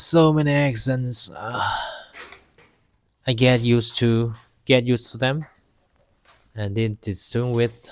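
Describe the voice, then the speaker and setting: A man from China, whose first language is Chinese, talking casually to the camera by a campfire outdoors in halting English, often pausing to search for words. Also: mid-range voice, slight background noise. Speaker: vlogger.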